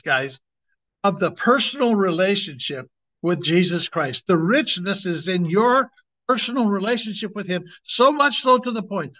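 A man's voice: high-pitched, a bit bright. Emphatic male preacher, muffled recording. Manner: emphatic, conversational, drawn-out slow stresses. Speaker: evangelist, teacher. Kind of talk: informal sermon. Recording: dull lo-fi recording.

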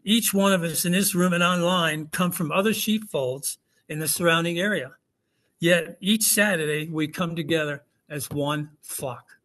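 Male pastor, slightly high voice, conversational sermon with rhetorical questions. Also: moderate pace, a bit bright. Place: church hall with congregation.

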